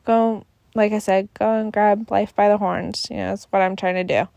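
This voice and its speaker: A woman's voice: medium pitch, level tone, moderate pace, gravelly, darkish tone, dry recording. A tired young woman hosting a casual solo podcast into her phone, sighing and yawning as she rambles through fillers. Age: young adult. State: sleepy, yawning. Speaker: podcast host. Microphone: phone held close.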